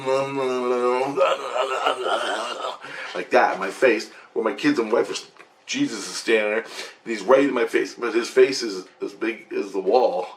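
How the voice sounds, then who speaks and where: A man with a fairly low voice telling a dream story on his vlog. He rambles, restarts and gets excited, peppering it with swearing. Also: creaky, slight background noise. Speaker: vlogger.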